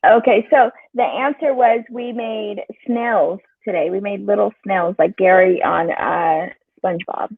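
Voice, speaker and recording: A woman hosting a live group video chat, chatty and quick to laugh. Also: mid-range voice, vocal fry, breathy edge, dry recording. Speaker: host. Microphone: video call. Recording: tinny dry phone-like line.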